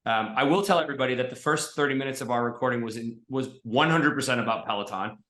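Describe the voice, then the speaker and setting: A man's voice: medium pitch, fast talker, a bit bright. A man from Boston hosting a podcast, talking in an effusive, friendly way with lots of fillers. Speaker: podcast host. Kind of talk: casual interview chat. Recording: roomy echo.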